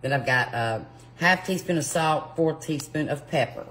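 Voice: mid-range voice, normal speed, noisy background. Home cook, plainspoken. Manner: homey, plainspoken, talks while working. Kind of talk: casual cooking demonstration. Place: home kitchen. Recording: kitchen clatter behind the voice.

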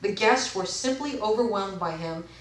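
Animated and at normal speed, a woman vlogger with a medium-pitched voice chats casually and reads from books, often rambling and correcting herself. The mic is distant and the room echoes.

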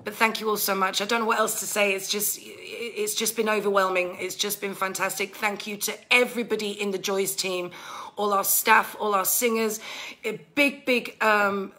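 A woman's voice: medium pitch, steady tone, normal speed, pushed and bright. A woman hosting a casual live stream, gushing thanks to viewers with many fillers and growing emotional.

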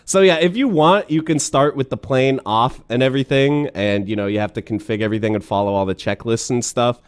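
A man's voice: mid-range voice, a little fast, clear, resonant tone. A man hosting a gaming video, giving casual, enthusiastic commentary with rambling asides and many fillers.

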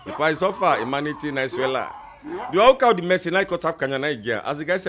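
A Sierra Leonean man with a Krio accent tells stand-up jokes and slips into the voices of the people in his stories. His pitch jumps around in an animated way, and his voice sits a little higher than most men's. A faint hiss of noise runs under the recording. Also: racing. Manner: lively storytelling in Krio-flavored English, acting out the people in each joke. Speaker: comedian. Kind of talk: stand-up joke telling.

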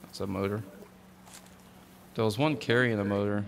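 A man's voice: lowish voice, moderate pace, gravelly. A man streaming a game, chatting casually with mild exclamations and easy surprise. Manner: relaxed, easily startled, mild exclamations. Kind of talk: casual gameplay chat. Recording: noisy stream audio.

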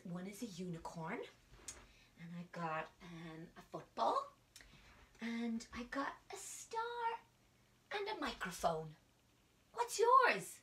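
An Irish drama teacher runs a lesson for small children at home, playful and coaxing, often slipping into a whisper. Her voice is fairly high, pushed and bright, picked up by a phone camera held at a distance.

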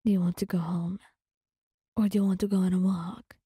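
A woman's voice: on the low side, fairly even intonation, brisk, warm tone, husky, no echo, studio quality. A woman voicing a protective young man in a whispered role-play, firm and soothing. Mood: tender. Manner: stern and protective. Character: protective young man, stern then tender.

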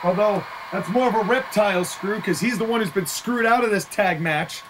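A wrestling commentator calling the action play by play, excitable, openly taking sides, and quick to laugh. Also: medium pitch, noisy background.

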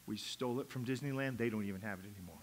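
A male pastor preaching a sermon, acting out quotes and swinging from hushed asides to loud, urgent lines. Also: mid-range voice, racing, slight background noise.

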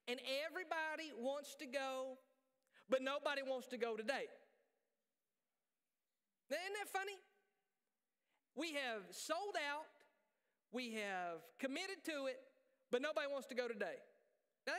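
A male pastor preaching a sermon in a church, joking and animated, poking fun at himself. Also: extremely high pitch, normal speed, pauses often, smooth. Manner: joking, animated, self-deprecating. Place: church sanctuary. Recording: reverberant church hall.

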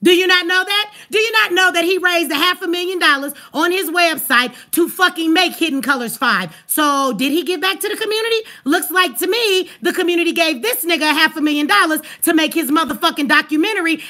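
A woman hosting a livestream, ranting angrily and profanely at her chat with rapid rhetorical questions. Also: high voice, bright, forceful tone. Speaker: livestream host. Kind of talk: heated livestream rant.

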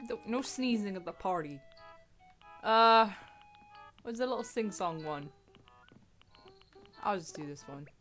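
A woman giving casual gameplay commentary, excitable, swearing and laughing as she reads game dialogue aloud. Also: medium pitch, a little slow, long pauses, soft background music. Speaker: gaming video creator.

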